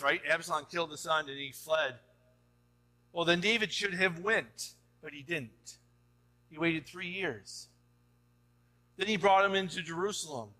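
A male pastor with a bright, forceful tone and a fairly high-pitched voice. He preaches in an easy, chatty way, checking in with "right?", then presses his points hard. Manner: conversational preaching with rhetorical "right?" asides; rising to emphatic exhortation. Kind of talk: sermon.

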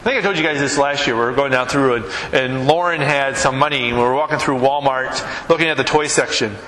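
A man's voice: medium pitch, fast talker, bright, forceful tone, slight background noise. A middle-aged man preaching a conversational sermon as a pastor, asking the congregation questions. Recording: echoey hall with long reverb.

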